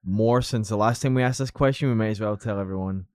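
A man's voice: fairly low pitch, fast, a little mellow, no room sound. A man reading out a listener question on a podcast, a little hesitant. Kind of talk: casual chat.

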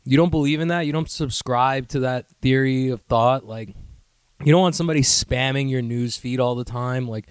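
A young man hosting his own podcast, ranting in a profane, rambling, self-mocking way and sometimes doing mocking high voices. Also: normal speed, clear, resonant tone, no room sound, clean studio sound. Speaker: podcast host. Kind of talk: casual solo podcast rant.

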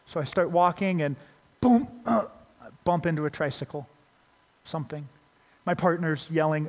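A man's voice: a little high, normal speed, big-room sound. A male pastor giving a sermon, telling a story from his youth and acting out the voices in it. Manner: animated, acts out quoted voices in the story.

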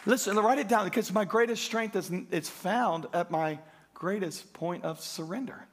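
Preaching in a church sanctuary, a pastor with a high voice speaks at a moderate pace, with a little hiss or hum in the recording. He pushes emphatically through his sermon and calls out to the congregation for praise in call-and-response.

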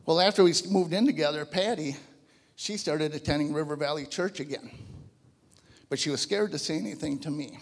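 A man in his fifties giving a personal testimony to a church audience, telling his story in an animated, conversational way. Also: on the high side, fairly quick, in a large hall. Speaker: guest speaker giving a testimony. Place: large church hall before a live audience.

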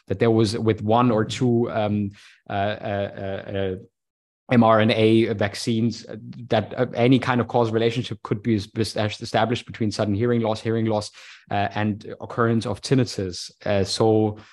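Animated male podcast host. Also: on the low side. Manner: animated, many restarts and stammers. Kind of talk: casual interview chat.

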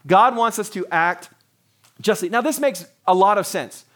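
Pastor in his forties, higher-pitched male voice, earnest and conversational sermon delivery. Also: normal speed, fairly bright tone. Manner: earnest, conversational preaching with restarts.

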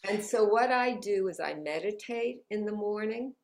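A woman's voice: mid-range voice, expressive, moderate pace, noisy background. A woman guest in an interview, talking in an upbeat, motivational way and laughing often. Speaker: guest, author. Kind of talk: conversational interview. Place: New York City.

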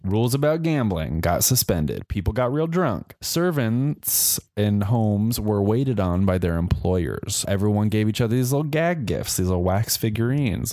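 A man's voice: fairly low pitch, dry recording, studio quality. A young man hosting a comedy podcast, telling a history story with sarcastic, playful asides. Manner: sarcastic, playful, animated with exaggerated voices. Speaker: podcast host.

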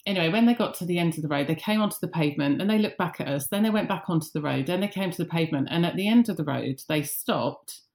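A woman's voice: on the low side, fast, few pauses, darkish tone. A woman in casual podcast chat, telling an anecdote and acting out the dialogue. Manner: chatty storyteller, acts out dialogue.

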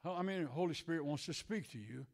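An older male preacher delivering a sermon, swinging between shouted declarations and hushed, tender passages. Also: fairly high pitch, quick pace, vocal fry.

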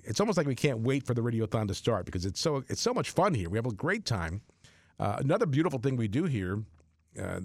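A man hosting a Catholic radio show, making an earnest, excitable on-air fundraising appeal with frequent restarts. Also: lowish voice, no room sound, clean studio sound.

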